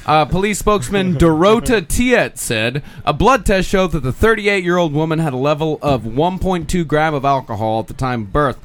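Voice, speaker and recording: A man hosting a comedy panel, reading news stories in a flat, newsy tone. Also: fairly high pitch, normal speed, few pauses, a little hiss or hum. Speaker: podcast host reading news items. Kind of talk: casual comedy panel chat.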